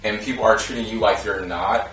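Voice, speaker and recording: A man who is a podcast guest, debating in a rapid way with lots of restarts and fillers. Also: on the low side, fairly even intonation, fairly bright tone, soft background music. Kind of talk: casual debate. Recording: echoey room, mic at a distance.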